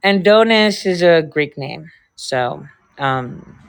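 A woman with a low, creaky voice speaks slowly and expressively while hosting a livestream. In casual chat with a co-host, she swears freely and rambles between stories.

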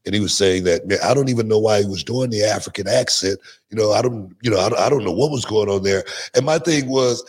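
A middle-aged man, a guest on a podcast, telling stories in a lively way and often repeating his words. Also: on the low side, a little hiss or hum. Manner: animated storyteller, repeats words, quick restarts. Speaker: guest, former wrestler. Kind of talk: casual podcast interview storytelling.

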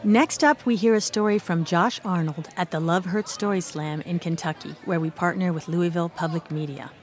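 A woman radio host reading scripted, measured introductions between stories. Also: lowish voice. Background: music bed.

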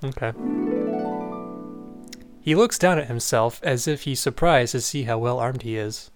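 A man's voice: medium pitch, measured pace, loud music behind the voice. A man reading a game's story text aloud and laying out the dialogue choices for his friends. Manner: reads narration plainly, then lists options. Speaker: player reading the game aloud.

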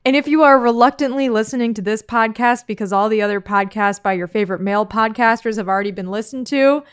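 A woman's voice: on the high side, fast, smooth. A woman co-hosting a podcast, joking in a wry, upbeat, casual way. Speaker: podcast co-host.

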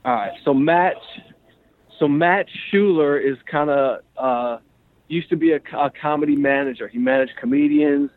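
A male comedian chatting on his podcast, rambling and animated, his voice sitting a bit high. The sound is dry and tinny, as though coming through a phone line. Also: normal speed. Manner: rambling, animated, heavy use of "like". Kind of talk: casual storytelling chat.

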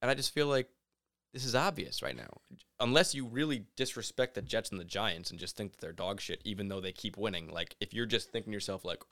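A man with a somewhat low voice co-hosting a sports podcast. He talks casually and with opinions, and he gets animated when he makes his case. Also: fairly quick. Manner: animated, opinionated, mimics people in asides. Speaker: podcast co-host.

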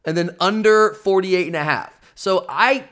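Hosting a casual sports betting podcast, a man with a high, slightly bright voice speaks at normal speed. He teases his co-host and rambles, often restarting his sentences.

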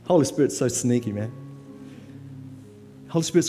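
A man delivering a guest sermon in a church, casual and emphatic, often pushing his voice high on key words. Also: fast, pauses often, warm tone. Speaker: guest preacher. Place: church hall. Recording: long church-hall reverb, faint music.

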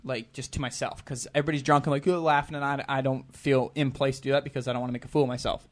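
Fast-talking man telling a rambling story. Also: mid-range voice, flat delivery. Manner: rambling, self-deprecating, many restarts and acted-out quotes. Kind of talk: casual storytelling chat.

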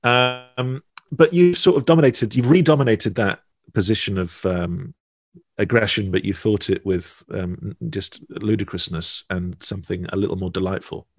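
A man's voice: lowish voice, normal speed, no room sound, clean studio sound. A man telling stories in a rambling, playful podcast chat. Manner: rambling, chatty storyteller with fillers and playful asides. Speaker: podcast guest. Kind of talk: casual conversation.

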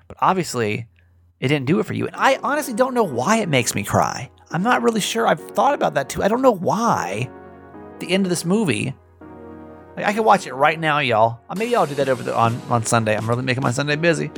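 A man's voice: mid-range voice, animated, fast, vocal fry, a bit bright, no room sound, studio quality, faint music behind. A man hosting a podcast in casual chat, rambling and repeating himself as he talks. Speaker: podcast host.

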